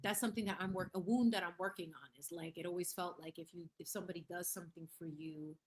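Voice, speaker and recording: A woman hosting a casual livestream, chatting in a lively, slangy way, reading the chat aloud and dropping in Spanish phrases. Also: on the low side, quick pace. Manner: laughs often and reads chat aloud. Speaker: livestream host.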